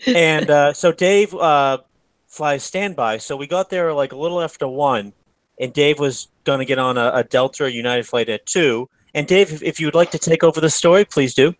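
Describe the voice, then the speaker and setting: A man's voice: a little high, normal speed. A man co-hosting a podcast, chatting casually and swearing loosely. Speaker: podcast co-host. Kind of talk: casual chat.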